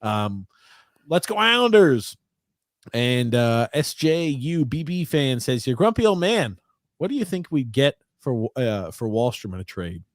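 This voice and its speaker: A man's voice: mid-range voice, sing-song, unhurried, no echo, clean studio sound. A man hosting a casual sports podcast, easygoing and rambling, reading out live chat comments. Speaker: podcast host.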